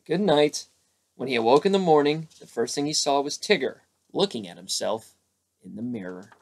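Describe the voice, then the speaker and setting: A man's voice: medium pitch, fairly quick. Male bedtime storyteller. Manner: lively, voices each character. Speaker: storybook narrator. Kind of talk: bedtime story read-aloud.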